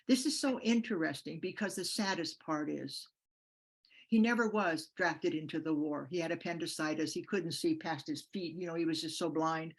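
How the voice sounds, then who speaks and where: An older woman giving a motivational speech, telling stories with passion and acting out the voices of the people in them. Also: low-pitched. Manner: passionate storytelling, acts out quoted voices. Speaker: guest speaker on peace.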